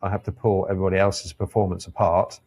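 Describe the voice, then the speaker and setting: A man with a low, deep voice speaks as a guest on an interview podcast. He is an airline captain and talks in a thoughtful, measured way, working through his ideas step by step. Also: little pitch movement, a little mellow, husky. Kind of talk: reflective conversational interview.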